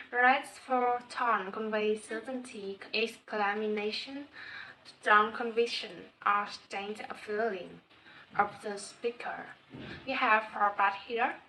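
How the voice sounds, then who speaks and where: A woman with a Vietnamese accent reading a class presentation, slowly and carefully going through her points. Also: a little high, pushed and bright. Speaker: student presenter. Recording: distant mic with faint noise.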